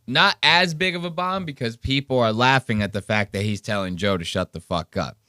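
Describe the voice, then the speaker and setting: A man hosts a podcast and reacts to comedy clips in a loose, profane, mocking way. His voice is smooth and resonant. He sits close to a dry mic with no room sound. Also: medium pitch, fairly quick, no room sound. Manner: profane, sarcastic, animated storytelling. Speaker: podcast host. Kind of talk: casual commentary on clips.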